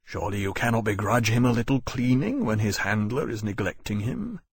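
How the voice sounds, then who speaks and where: A man voicing a courteous, kind male captain who speaks formally and gently in an audiobook. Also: on the low side, lively intonation, brisk, gravelly, husky, dry recording, studio quality, heavily acted. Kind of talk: audiobook narration.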